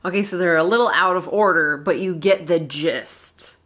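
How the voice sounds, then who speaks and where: A woman co-hosting a casual reaction chat, her voice lowish for a woman and bright with a tense edge. She answers in quick, chatty replies. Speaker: reaction show co-host.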